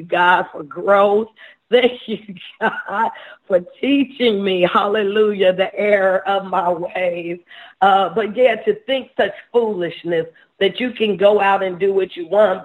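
A woman preacher giving a sermon, often repeating words and restarting her sentences, with soft laughs between points. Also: medium pitch. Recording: tinny phone-like sound.

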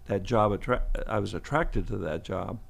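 A man's voice: fairly low pitch, moderate pace, vocal fry. A man in his seventies, a veteran football coach, telling chuckling, rambling stories as an interview guest in a podcast studio. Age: 70s. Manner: chuckling, rambling anecdotes with restarts. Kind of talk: storytelling interview.

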